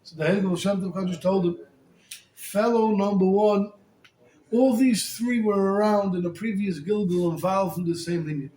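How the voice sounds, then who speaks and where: A male rabbi telling a story in a sermon, in an animated, colloquial way with Hebrew and Yiddish terms woven in. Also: high-pitched, normal speed. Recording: echoey room, faint ambience.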